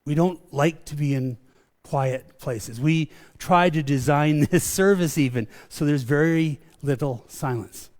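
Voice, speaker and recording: A middle-aged male pastor delivers a sermon in a slightly high voice. He preaches in a loose, conversational way, doubling back on words and restarting his sentences as he goes. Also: unhurried, a little mellow. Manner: calls his preaching a rant.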